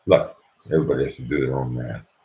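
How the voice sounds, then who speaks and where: A sleepy man hosting a late-night livestream, talking quietly and rambling so he won't wake anyone at home. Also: rumbling low, steady tone, quick pace, muffled recording. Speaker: livestream host.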